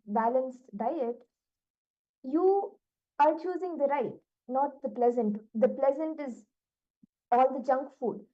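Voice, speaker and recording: A woman's voice: high voice, dark tone. A woman giving a spiritual lesson, explaining with everyday examples and many "like" fillers. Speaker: spiritual teacher. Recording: dull lo-fi recording.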